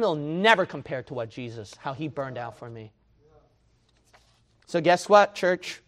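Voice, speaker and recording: A man preaching a sermon to his church, dropping to a hush and then rising to a shout as he mocks his listeners' excuses. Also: on the high side, animated, unhurried, long pauses. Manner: swings from hushed to shouting, mocks excuses in whiny voice.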